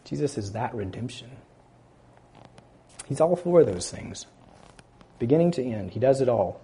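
A man preaching a sermon, building loud on key words and dropping quiet at the ends of phrases, stressing scripture slowly. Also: mid-range voice, lively intonation, husky. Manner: slow, deliberate emphasis on scripture phrases.

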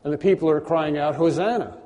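A man preaching a conversational sermon, often clearing his throat and repeating words. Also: fairly high pitch, moderate pace, warm tone. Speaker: pastor. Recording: long hall reverb.

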